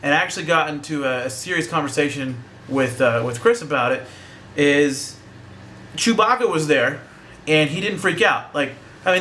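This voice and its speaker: Young guy ranting about a movie, cussing and joking, kinda high voice, little hiss in the back. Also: moderate pace, sharp tone. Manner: profane, joking, rambling. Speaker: movie reviewer. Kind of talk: casual spoken review.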